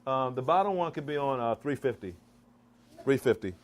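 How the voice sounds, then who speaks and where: A man's voice: medium pitch, animated, moderate pace. A man giving a vegan cooking demonstration to a live audience, calling out to the crowd like a preacher. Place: church hall kitchen.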